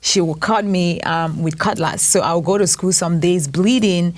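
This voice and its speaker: Woman, 30s, interview guest, personal testimony, earnest, unhurried, slightly low voice. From Cameroon.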